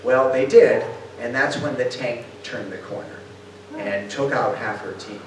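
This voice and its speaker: An older man with a mid-pitched voice tells stories to an audience, bringing the people in them to life and putting questions to the room. He sounds far from the microphone, and his voice rings around a very echoey hall with a faint hum behind it. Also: a little slow. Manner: lively storyteller who acts out quotes and asks the audience questions. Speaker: speaker giving a talk. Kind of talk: storytelling lecture.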